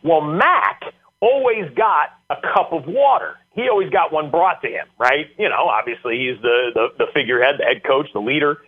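A man's voice: fairly high pitch, normal speed, breathy edge. Man telling stories over a phone line. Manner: animated storyteller with many fillers. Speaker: guest. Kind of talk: casual storytelling interview.

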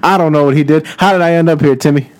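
A man's voice: a little high, steady tone, fast talker, a little mellow, lightly acted. A man voicing a mopey, puzzled, washed-up former child star in improvised comedy storytelling.

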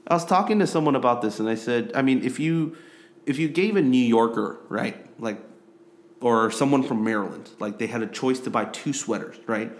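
A young man raised in Korea co-hosts a casual sports podcast, talking briskly in a medium-pitched voice. He rambles, leaning on lots of fillers and repeated phrases.

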